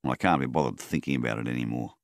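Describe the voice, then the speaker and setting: A man with a very deep, gravelly voice voicing a bitter, hard-drinking male war veteran in a storybook reading, speaking coldly and loudly. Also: quick pace, dry recording, studio quality.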